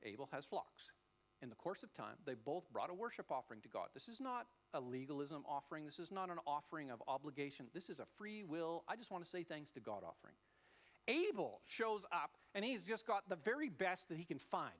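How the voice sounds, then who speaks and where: A man in middle age delivers a church sermon as pastor. His voice sits a little high and swoops up and down, and he slips into playful character voices while he tells stories. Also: a little fast. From Australia. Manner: animated storytelling, acting out voices.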